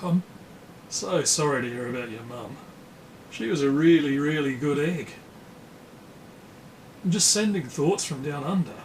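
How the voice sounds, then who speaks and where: Guy doing a hearty aussie mate leaving a message, slow talker, light hiss. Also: a little high, rough recording. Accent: Australian. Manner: hearty, matey. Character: cheery Australian male friend leaving a message.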